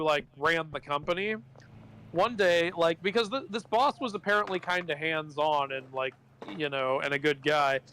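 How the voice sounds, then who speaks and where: A man's voice: high-pitched, sharp tone, a little hiss or hum, low-quality recording. A man chatting casually on a game stream, telling a rambling anecdote full of acted-out quotes, swearing and laughter. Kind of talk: casual chat while gaming on stream.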